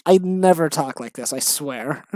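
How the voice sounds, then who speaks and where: A woman's voice: sits low, dark tone, no echo. A dead-tired woman chatting casually late at night, giggly and self-mocking. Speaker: vlogger.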